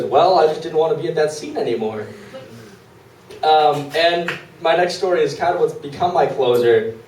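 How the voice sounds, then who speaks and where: A twenty-year-old man tells comic stories at an open mic, loose and rambling, his voice a touch higher than most men's. The small venue is echoey, and he is heard from a mic well back. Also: lively intonation, fairly quick, a little mellow. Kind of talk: live comic storytelling. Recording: roomy live room, distant mic.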